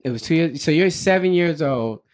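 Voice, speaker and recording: A man in his thirties co-hosting a podcast, talking loosely and laughing often. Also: moderate pace. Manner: animated, laughs often, mimics his daughter in high voice. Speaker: podcast co-host. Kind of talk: casual chat.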